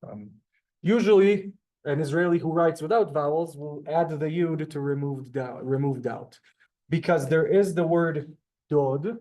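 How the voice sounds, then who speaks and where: A man's voice: a little high, a little slow, warm tone. A man teaching a classroom language lesson, explaining step by step with many ums and asides. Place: synagogue classroom.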